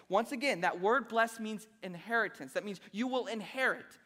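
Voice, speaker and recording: A high-pitched male pastor preaches in an animated, conversational way and slips into sarcastic asides. His voice rings out with a long reverb, as if it fills a big church sanctuary. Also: normal speed, few pauses. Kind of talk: sermon. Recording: long reverb of a large hall.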